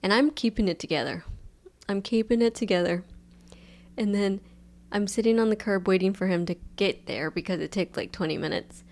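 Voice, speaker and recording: A woman's voice: mid-range voice, moderate pace. Laid-back young woman hosting her podcast. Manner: chill, laid-back, monotone delivery; rambling with many fillers like "like". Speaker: podcast host. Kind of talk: casual solo podcast storytelling.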